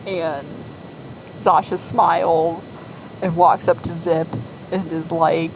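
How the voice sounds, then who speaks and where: Slow, rambling woman telling a fan story. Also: lowish voice, level tone, vocal fry, slight background noise, poor audio. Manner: rambling, enthusiastic, many fillers.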